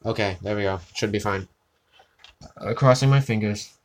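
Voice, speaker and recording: A man's voice: fairly low pitch, moderate pace. A tired man chatting casually on a live art stream, rambling and self-deprecating, with casual swearing.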